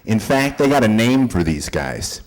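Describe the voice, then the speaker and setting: A man doing stand-up, building jokes with slow, deliberate setups before the punchline. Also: big pitch swings. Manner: slow, deliberate setups with big swings in pitch. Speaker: stand-up comedian. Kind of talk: stand-up comedy set. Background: audience laughter.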